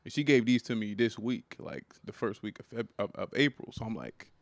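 A man's voice: lowish voice, lively intonation, a little fast, dry recording. A man co-hosting a podcast, telling a story, full of "like" and "right?". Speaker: podcast co-host. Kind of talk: casual storytelling chat.

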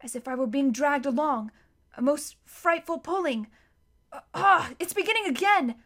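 A woman voicing a quick, plucky schoolboy in an audiobook reading. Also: high voice, lively intonation, bright, forceful tone. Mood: breathless.

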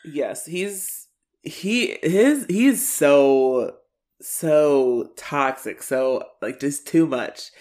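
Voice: mid-range voice, expressive, drawn-out words, darkish tone. A podcast co-host with a mid-range voice rambles through thoughts about a show. They stop and restart their sentences and hunt for words. Swearing slips in easily. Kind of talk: casual recap chat.

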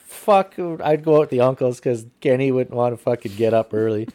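A man telling hunting stories in casual podcast chat, profane and animated. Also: medium pitch, fairly quick.

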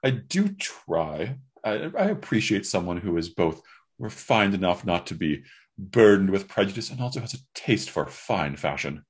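A man voicing a calm, refined and wealthy undead duchess who speaks in a genteel, sweetly condescending way. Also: low voice, moderate pace, breathy edge, full character voice. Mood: chatty.

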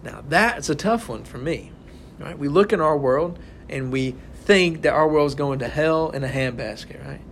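Young guy giving a chatty sermon, pitched a bit high, faint hiss behind. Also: lively intonation, normal speed, gravelly. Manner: conversational, keeps asking "right?". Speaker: Bible study leader. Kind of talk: informal sermon to a small group.

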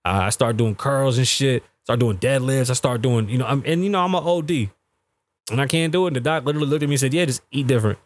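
A man in his thirties hosting a podcast, telling a story in a profane, animated way and acting out the people he quotes. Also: medium pitch, fast. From United States. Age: 30s. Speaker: podcast host. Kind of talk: casual storytelling monologue. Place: podcast studio.

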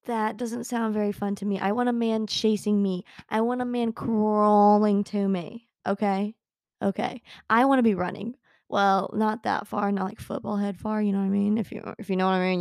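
A woman's voice: medium pitch, darkish tone, no echo. Bubbly chatty young woman, dry sound. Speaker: podcast host. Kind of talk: casual chat with book readings.

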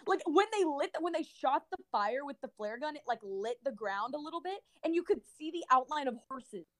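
A young woman co-hosting a podcast, telling a story in a lively way with lots of filler words. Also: high voice, brisk. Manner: animated storytelling with many fillers. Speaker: podcast co-host. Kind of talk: casual chat.

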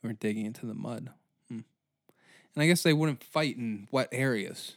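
A man hosting a comedy history podcast who rants in a profane, animated way, swearing constantly as he builds each point. His voice sits in a middle pitch and comes through a dry, close recording with no room sound. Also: normal speed, gravelly, no echo. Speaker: podcast host.

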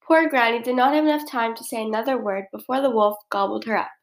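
A woman narrating a children's storybook in an expressive, measured way. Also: on the high side. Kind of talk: storybook reading.

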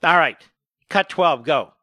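A man hosting a political talk radio show, sarcastic and mocking, jumping his pitch up for effect. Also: expressive, slow pace, bright, forceful tone.

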